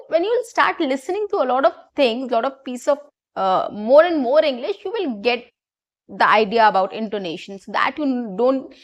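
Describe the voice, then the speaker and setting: A woman teaching a spoken English lesson to her viewers, patient and repeating her points with fillers. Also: high-pitched.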